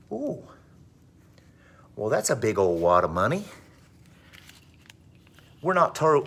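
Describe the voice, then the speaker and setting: A male teacher telling a dramatic story to his class with animated delivery. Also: mid-range voice. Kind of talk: storytelling in a lesson.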